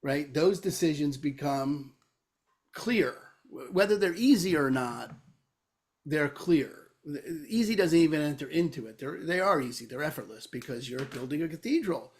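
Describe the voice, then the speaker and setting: Fairly high-pitched and expressive, a man co-hosting a podcast tells a parable at length at a moderate pace. He keeps it conversational and casual, speaking with emphasis and occasionally cursing.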